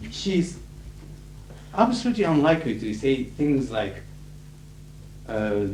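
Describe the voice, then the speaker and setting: A man's voice: medium pitch, sing-song, slow, long pauses, a little mellow. A middle-aged Japanese man speaking English with a Japanese accent, giving a humorous, anecdotal lecture as a conference interpreter, with frequent uh fillers. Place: lecture hall with audience. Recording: echoey hall, faint hiss, 1980s tape.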